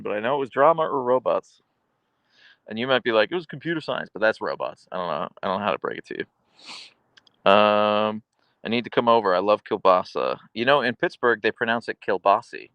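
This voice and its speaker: A man's voice: lowish voice, expressive, moderate pace, clear, resonant tone, no echo, highs cut off. A man live-streaming, reading viewer comments aloud in a playful, teasing, chatty way.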